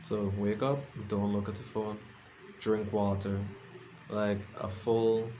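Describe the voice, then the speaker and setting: A man's voice: fairly low pitch, little pitch movement, measured pace, dark tone, a little hiss or hum. A sleepy man rambling casually in a late-night vlog, self-deprecating and full of fillers and restarts. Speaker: vlogger. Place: his room at home.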